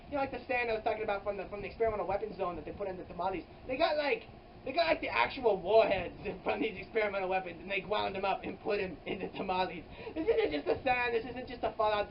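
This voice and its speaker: Improvised comic story, rambling, lots of fillers, exaggerated pitch jumps, camera mic at a distance, faint hum behind. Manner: rambling, filler-heavy, with frequent "like" and restarts. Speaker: comedy vlogger. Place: hot indoor room with an air conditioner running. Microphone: camera mic at some distance. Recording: distant, dull camera audio with faint air-conditioner hum.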